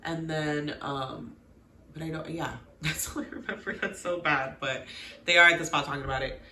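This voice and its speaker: A woman hosting a casual TV recap, talking straight to her viewers in an animated, exclaiming way. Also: low voice, moderate pace, slight background noise. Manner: animated, exclaiming, talks to viewers as "girl" and "y'all". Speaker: recap channel host. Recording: echoey room.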